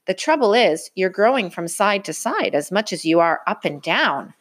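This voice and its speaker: A woman's voice: mid-range voice, big pitch swings, normal speed, fairly bright tone, slight background noise. A woman reading a storybook aloud and voicing a firm, sensible mother bear. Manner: firm, no-nonsense.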